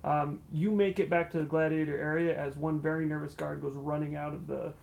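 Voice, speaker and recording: A man running a tabletop game as game master, narrating in a relaxed way and laughing often. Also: on the high side, brisk, creaky, rough recording.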